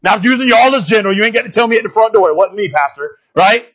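A male pastor giving a lively, conversational sermon, speaking straight to his congregation and often checking in with them. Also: high voice, racing, lo-fi sound. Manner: animated, talks straight to the congregation, often asks "you know what I'm saying?".

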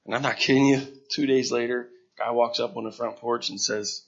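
A man, a missionary, tells his story to a gathered audience in a halting, earnest, emotional way, repeating words when moved. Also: medium pitch, steady tone, creaky, a crowd in the background. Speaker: missionary sharing his testimony. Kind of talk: emotional personal testimony to a gathering. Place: room before a gathered audience. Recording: dull lo-fi recording.

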